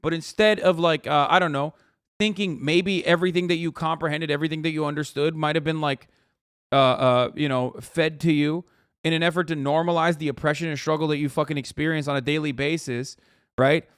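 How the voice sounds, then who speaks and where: A man's voice: fairly high pitch, fairly even intonation, brisk, clean tone, no room sound, clean studio sound. A man in his thirties, a live streamer, ranting sarcastically with heavy swearing in casual commentary.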